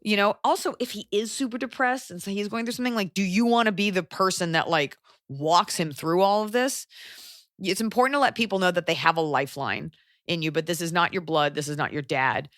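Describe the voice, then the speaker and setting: A woman in her forties hosts a casual podcast chat, blunt and animated, swearing and darting into asides. Her voice sits low for a woman. The sound is dry and close, with no room around it. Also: fairly quick, dry recording. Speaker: podcast host.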